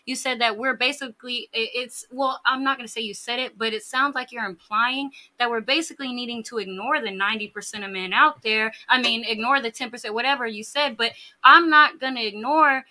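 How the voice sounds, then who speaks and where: A woman's voice: fairly high pitch, fairly quick, hardly any pauses, bright, forceful tone. A woman speaking as a guest in a casual podcast chat, blunt and opinionated.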